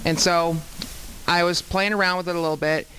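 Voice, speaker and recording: A man's voice: high-pitched, steady tone, a little fast, bright, forceful tone, a little hiss or hum, rough recording. A man, a student actor, chatting casually in an interview, rambling with many restarts.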